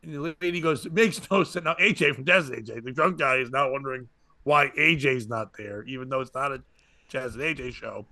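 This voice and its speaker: Bright-voiced man telling a comedy story. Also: medium pitch, a little fast, dry recording. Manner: rambling anecdotal, acts out other people's lines. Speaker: comedian and podcast host.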